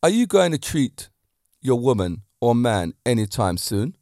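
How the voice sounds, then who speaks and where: A man hosting his own podcast, a fitness teacher talking about romance in a lively, preachy way with many rhetorical questions into a handheld mic. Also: mid-range voice, unhurried, no room sound, clean studio sound. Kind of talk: solo podcast talk on romance.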